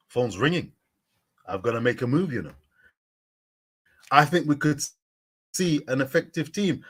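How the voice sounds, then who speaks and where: Hosting a sports live stream, a man with a medium-pitched, somewhat bright and slightly rough voice reads viewers' comments aloud and answers each by name. He keeps repeating his catchphrases in a preachy way.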